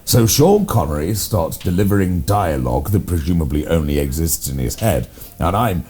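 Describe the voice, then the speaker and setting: An English man in improvised comedy chat, telling absurd tall tales with a deadpan, rambling manner. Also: low voice, normal speed, husky, soft background music. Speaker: co-host playing a gentleman's club character.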